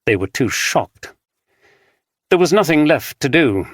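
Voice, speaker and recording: A man narrating a mystery audiobook in a measured, even reading. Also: on the high side, no echo, clean studio sound. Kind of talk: scripted narration.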